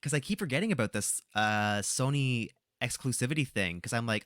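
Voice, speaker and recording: A man hosting a podcast, asking questions in a relaxed, agreeable way. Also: medium pitch, a little fast, hardly any pauses, dry recording, studio quality. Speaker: podcast host. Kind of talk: casual podcast chat.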